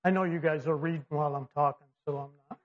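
A man's voice: on the high side, quick pace. Conversational preacher man, lo-fi sound. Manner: conversational with many fillers and restarts; lively, acts out quoted voices. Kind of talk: sermon. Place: church or classroom with slides. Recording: dull lo-fi sound.

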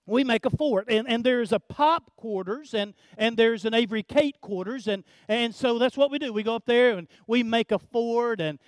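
An older man preaching a sermon, telling a family story in a folksy way, often repeating words and swinging from hushed to loud. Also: very high-pitched, normal speed, hardly any pauses, no echo, clean studio sound. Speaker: pastor.

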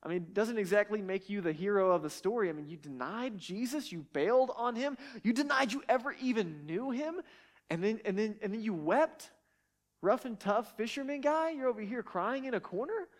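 A man's voice: sits high, expressive, normal speed, voice pushed up. A man voicing a gospel writer who teasingly questions his friend. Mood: incredulous.

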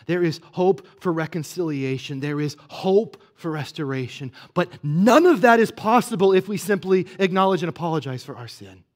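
A male pastor with a notably high voice delivers a sermon in a relaxed, conversational way. He drops into quiet, intimate asides and rises to emphatic peaks, checking in with rhetorical questions along the way. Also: moderate pace, few pauses. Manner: swings from hushed to emphatic.

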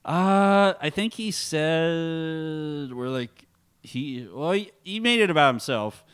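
A man's voice: fairly high pitch, animated, slow, a bit bright, clean tone. A young man hosting a casual podcast chat, stammering a little and laughing often between stories. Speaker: podcast host. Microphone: podcast mic at a table.

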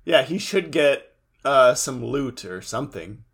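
A wry podcast co-host from the Pacific Northwest. His voice sits in a middle pitch, and he chats casually, laughing often and quoting lines from the episode. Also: animated, measured pace, vocal fry, crowd noise. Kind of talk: casual recap chat.

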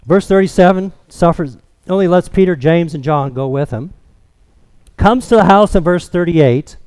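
Guy preaching slow and emphatic, kinda high voice, dry close sound. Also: darkish tone, clean tone, no echo. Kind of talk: sermon.

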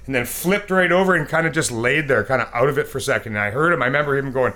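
Male podcast co-host, bright and forceful, lively storyteller who acts out sounds. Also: mid-range voice, rapid-fire. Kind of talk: casual storytelling chat.

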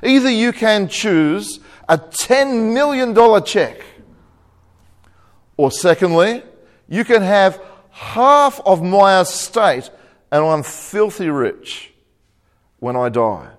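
A man's voice: sits high, lively intonation, slow pace, long pauses. A man playing a boastful, rich male Texan rancher in a joke within his sermon, in a showy, bargaining manner.

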